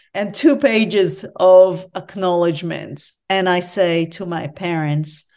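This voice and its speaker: A woman's voice: medium pitch, darkish tone. A woman guest, a professor and author, talking earnestly and reflectively in an interview. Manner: earnest, reflective, speaks candidly about personal pain. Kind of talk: conversational interview storytelling.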